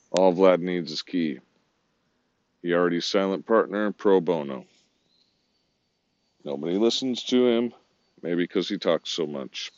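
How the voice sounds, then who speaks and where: Rambling deep-voiced man, lo-fi. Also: a little mellow, dry recording. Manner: rambling, disjointed, profane. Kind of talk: rambling monologue.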